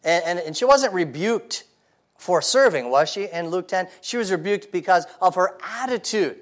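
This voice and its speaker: Man preaching, fairly high voice, chatty and questioning. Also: expressive, normal speed. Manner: conversational, rhetorical questions, frequent repeated starts. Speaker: pastor. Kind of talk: sermon.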